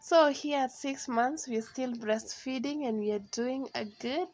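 A woman vlogging at home at night, talking softly and dotingly to her baby in baby talk. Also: high-pitched, measured pace.

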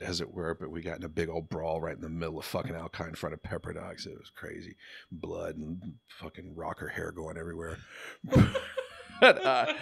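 Fifties male podcast guest, low voice, animated and profane storyteller, dry mic. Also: vocal fry, no echo. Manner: animated, profane, laughs through his stories. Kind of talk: casual storytelling.

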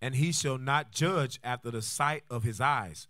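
A man reading Bible verses aloud in a steady, formal way during a class. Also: medium pitch, measured pace, dry recording, clean studio sound. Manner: steady, formal reading, polite short replies. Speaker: scripture reader.

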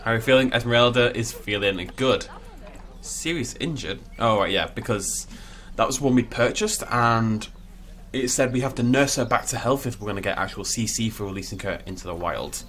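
A man's voice: medium pitch, moderate pace, a bit bright. A man giving casual, playful commentary while he plays a video game, full of jokey asides. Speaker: let's play host.

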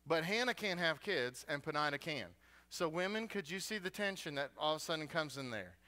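A man's voice: on the high side, expressive, a little fast, bright, forceful tone. A man preaching a sermon as a guest preacher in a church, retelling a story with humor and animation.

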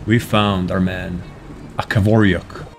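A man giving casual commentary over his own gameplay, excitable and swearing at enemies. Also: sits low, slow, soft background music. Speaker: gaming video host.

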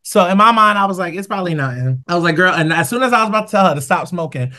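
Animated New woman podcast host. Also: rapid-fire. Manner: animated, acts out quotes with big pitch jumps. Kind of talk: casual storytelling chat.

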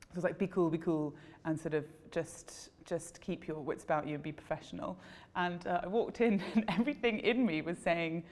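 A woman, an actor, telling a self-deprecating story about an audition in a casual, animated way, laughing at herself. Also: on the low side, fairly quick, in a large hall. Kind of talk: casual anecdote to camera.

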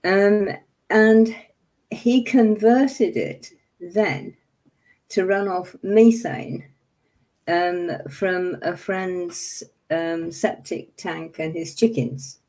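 A woman's voice: fairly low pitch, fairly even intonation, extremely slow, darkish tone. A woman in her seventies hosting a livestream, talking to viewers in an angry, emphatic way and apologizing for her outbursts. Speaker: livestream host. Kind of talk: impassioned casual talk to viewers.

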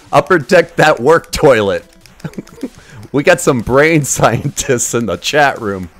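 A man's voice: medium pitch, a bit bright, no room sound. A man streaming retro games, giving casual live commentary in a crude, sarcastic, joking way. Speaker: game streamer.

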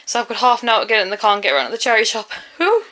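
A woman's voice: mid-range voice, expressive, rapid-fire, pushed and bright, a little hiss or hum, rough recording. A young woman chatting casually in a vlog, ranting in an exasperated way and saying "like" often. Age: young adult. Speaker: vlogger.

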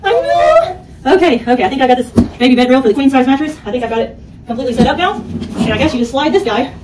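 A woman's voice: high-pitched, rapid-fire, distant mic, background noise. A woman hosting a casual home vlog, narrating a product assembly in a rambling way with lots of fillers, indoors at home. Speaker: product reviewer.

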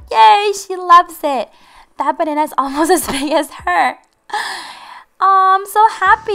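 A woman's voice: very high-pitched, fairly bright tone. A woman hosting a game channel, giving bubbly, giggly roleplay commentary to her viewers.

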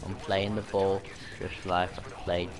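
Man, very low and unhurried, crude banter over game play, noise behind. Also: completely flat delivery. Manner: crude swearing banter, mock-tough taunts. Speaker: online game player. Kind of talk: casual gaming chat. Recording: noisy background.

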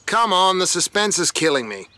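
An excitable Australian car buff. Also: male voice, a little high, normal speed, a little hiss or hum. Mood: excited. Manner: excitable, awed, chatty car enthusiast. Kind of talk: video game character dialogue.

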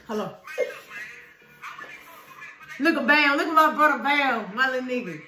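A young woman chatting excitedly in a casual reaction video, slangy, repeating herself and laughing often. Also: high-pitched, takes it slowly, reverberant, distant mic, faint music behind.

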